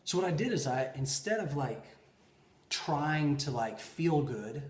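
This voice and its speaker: A man with a slightly high voice tells personal stories as a podcast host. He is animated, jumping from loud, excited bursts to quiet, low asides. The room gives his voice a noticeable echo. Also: a little slow. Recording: roomy echo.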